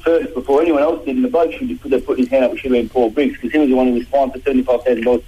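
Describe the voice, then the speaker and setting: A man's voice: mid-range voice, fairly even intonation, rapid-fire, reverberant, highs cut off, a little hiss or hum. A man in his thirties with an Australian accent, talking bluntly and combatively as a guest on a radio show. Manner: blunt, combative, slang-heavy. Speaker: guest boxer. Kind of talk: radio phone-in interview.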